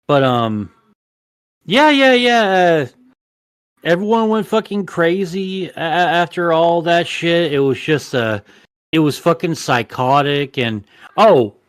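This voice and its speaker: A man's voice: a little high, no echo. A man hosting a casual podcast chat, rambling and swearing constantly. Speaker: podcast host.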